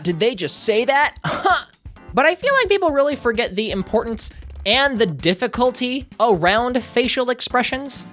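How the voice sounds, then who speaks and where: A woman's voice: fairly high pitch, fairly bright tone. A woman hosting a commentary video, talking casually with wry, sarcastic asides.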